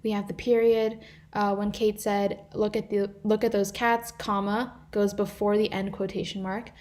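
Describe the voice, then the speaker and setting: Tutoring as a volunteer in a live online class, a teenage girl talks through grammar examples from her slides, with some fillers and restarts. Her delivery is flat at a moderate pace, with a medium-pitched, darkish voice.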